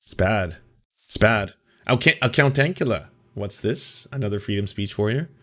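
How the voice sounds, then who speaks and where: A man putting on a deliberately bad Scottish accent as a stammering, exaggerated ranter. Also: fairly low pitch, lively intonation, sharp tone. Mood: mocking.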